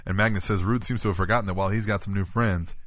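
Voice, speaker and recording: A man's voice: lowish voice, fairly even intonation, fairly bright tone, no room sound, clean studio sound. A man co-hosting a wrestling podcast, rattling off a play-by-play recap of the week's matches and often tagging his sentences with "right?". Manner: rapid play-by-play recapping, tags "right?" on statements. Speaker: podcast co-host. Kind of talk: casual wrestling recap chat.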